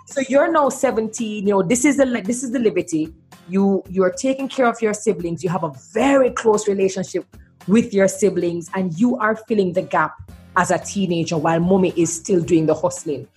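A woman's voice: mid-range voice, a little fast, darkish tone, soft background music. A woman hosting an interview, chatty and full of fillers as she asks questions. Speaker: interview host. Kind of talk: conversational interview.

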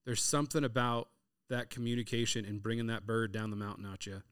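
A man's voice: medium pitch, a little fast, clean tone, no room sound, studio quality. A man in his thirties, hosting a casual chat and telling hunting stories full of quoted dialogue. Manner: storytelling, animated retelling of hunting anecdotes with quoted dialogue. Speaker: podcast host.

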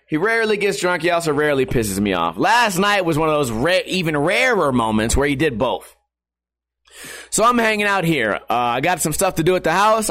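A man's voice: fairly high pitch, fairly bright tone. Tired, swearing young man rambling. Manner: rambling, profane, tired storytelling. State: tired, low energy. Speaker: podcast host. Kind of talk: casual storytelling monologue.

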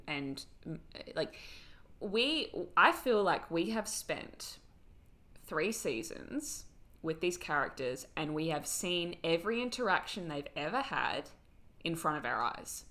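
A woman co-hosts a podcast in casual chat, telling the story in a rambling, animated way. Her voice sits a little low but has a bright, forceful edge. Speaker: podcast co-host. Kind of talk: casual chat recapping a TV episode.

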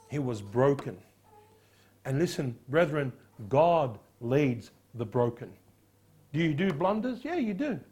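A man preaching a sermon as a pastor, firing rhetorical questions and dropping quiet on solemn points. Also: on the high side, breathy edge.

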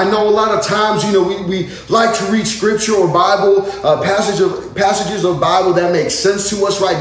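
A man with a high voice preaches in a conversational way, acting out the lines of the passage he reads. He often stops and restarts mid-sentence. His voice carries a heavy, echoing room sound. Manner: conversational preaching, acts out dialogue, frequent restarts. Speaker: pastor. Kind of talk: sermon. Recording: very echoey room.

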